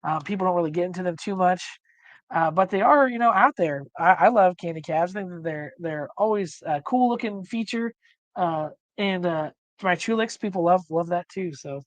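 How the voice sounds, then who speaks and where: A man's voice: high voice, normal speed, dry recording, lo-fi sound. Man losing his voice, casual rambling streamer co-host, dry close mic. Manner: rambling, many fillers and restarts. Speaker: livestream co-host. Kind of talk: casual chat.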